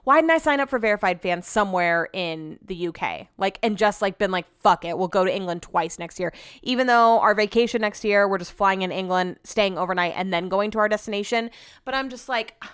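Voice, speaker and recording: A woman talks on her podcast in a loose, rambling way, venting with filler words and swearing. Her voice is smooth and clear at a middle pitch, recorded close and dry. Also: a little fast, a bit bright, no room sound. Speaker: podcast host. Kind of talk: casual chat.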